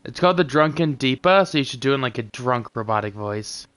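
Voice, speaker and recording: A man's voice: medium pitch, lively intonation, brisk, a bit bright. A man chatting casually and reading game text aloud during a stream. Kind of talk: casual chat.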